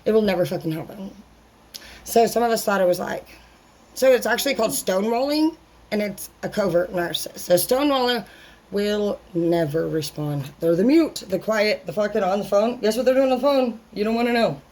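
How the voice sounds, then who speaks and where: A woman's voice: mid-range voice, animated, fairly quick, a little mellow, poor audio. A woman vlogging in a casual monologue, rambling bluntly and swearing constantly. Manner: brash and unfiltered.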